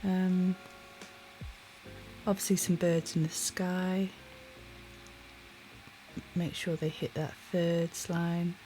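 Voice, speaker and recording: A sleepy woman streaming her drawing live, musing quietly to herself and greeting chat viewers. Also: fairly low pitch, little pitch movement, extremely slow, long pauses, soft background music. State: sleepy, yawning.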